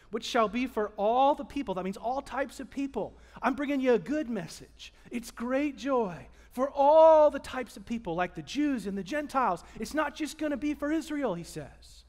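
Male pastor, high-pitched voice, lively sermon delivery with call-and-response, church sanctuary. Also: a little slow. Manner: animated, emphatic preaching with audience call-and-response.

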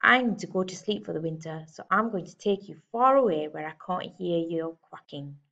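Woman doing a bossy grumbling storybook bear, cross and loud, lo-fi sound. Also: lowish voice, expressive, normal speed, creaky. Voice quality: growling, grumbling. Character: grumpy, bossy male bear wanting sleep. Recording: slightly dull lo-fi recording.

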